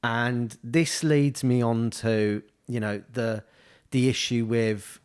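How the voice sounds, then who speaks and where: A man's voice: medium pitch, fairly even intonation, slow pace, darkish tone, clear, resonant tone. A man co-hosting a casual podcast, rambling through his points with many restarts and fillers. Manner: rambling, full of restarts and "you know". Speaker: podcast co-host, estate agent. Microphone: studio podcast mic.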